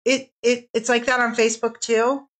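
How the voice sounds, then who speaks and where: A woman's voice: on the high side, normal speed, low-quality recording. Chatty woman hosting a live fabric sale. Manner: chatty, apologetic, excitable. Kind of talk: casual live-stream sales chat.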